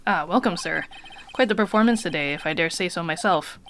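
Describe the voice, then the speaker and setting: A woman voicing a fawning, odd young male hotel bellboy in a put-on French accent, slow and grandiose. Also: on the low side, a bit bright, slight background noise. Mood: pompous.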